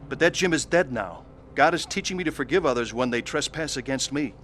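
A man's voice: mid-range voice, animated, fairly quick, a bit bright, slight background noise. A man narrating his own faith testimony in an earnest, pleading way and acting out the scenes. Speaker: narrator of his conversion story.

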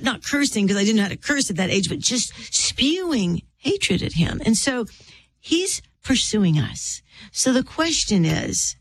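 Earnest woman telling a faith story. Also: medium pitch. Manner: earnest storyteller who acts out quoted voices. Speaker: author and interview guest. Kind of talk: personal faith testimony in an interview.

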